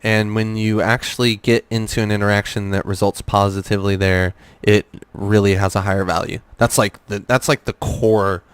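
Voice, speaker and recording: A young man talks casually as a guest on a gaming podcast, rambling with plenty of fillers and false starts. His voice sits low and sounds smooth and clean. The sound is dry and close. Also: level tone, normal speed, few pauses, dry recording. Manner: rambling storyteller, many fillers and restarts.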